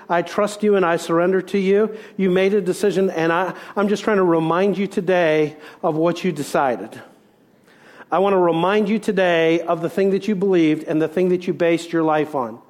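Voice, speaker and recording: Middle-aged pastor guy preaching, kinda high voice, punchy questions then goes quiet and soft. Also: moderate pace. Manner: emphatic preaching with rhetorical questions, dropping soft for reflection. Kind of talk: sermon.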